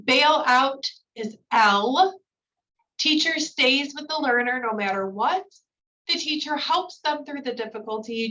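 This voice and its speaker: Female trainer, slightly higher voice, heard from across the room on muffled lo-fi audio; reads slides, then riffs casually. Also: sharp tone. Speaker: new-hire trainer. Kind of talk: recorded training lecture. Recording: distant mic, dull lo-fi sound.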